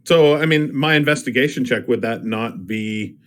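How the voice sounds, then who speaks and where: A man's voice: medium pitch, moderate pace, a bit bright. A man playing a tabletop game online, joking and hesitant with many restarts, on a computer mic. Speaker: player. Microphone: computer mic on an online call.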